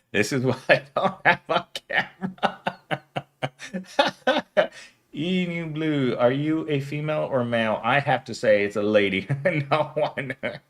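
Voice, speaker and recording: A man's voice: on the high side, slow, long pauses, a bit bright. A man in his thirties hosting a casual live stream at home, rambling and giggling as he answers viewer comments. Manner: rambling and giggly, talking to chat. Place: at home, streaming without camera.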